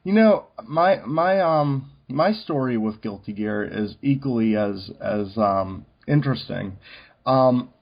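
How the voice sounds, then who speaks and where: A man's voice: medium pitch, animated, slow pace, gravelly. A man co-hosting a podcast in casual chat, talking loosely with many fillers. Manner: chatty, many fillers like "um" and "you know". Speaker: podcast co-host. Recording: dull lo-fi recording.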